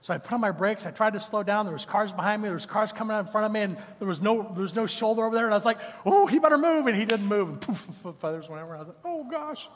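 A man's voice: sits high, racing, hardly any pauses, a bit bright, long reverb tail. A man in his fifties preaching a sermon in a church, mixing scripture with casual personal stories. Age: 50s. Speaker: pastor. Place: church sanctuary.

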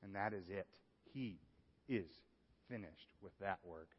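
A male pastor preaching a sermon, moving from hushed, earnest passages to lively exclamations. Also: deep voice, measured pace, husky. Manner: animated, swings from hushed to exclaiming. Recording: dull sound with long hall reverb.

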